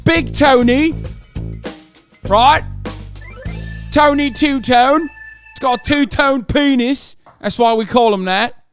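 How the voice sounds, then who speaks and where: A man's voice: high-pitched, animated, takes it slowly, pauses often, a bit bright, soft background music, heavily acted. Man putting on a brash swaggering mobster. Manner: brash, swaggering, sing-song. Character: loud boastful male mobster planning a prison break. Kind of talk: streamer doing a comic voice.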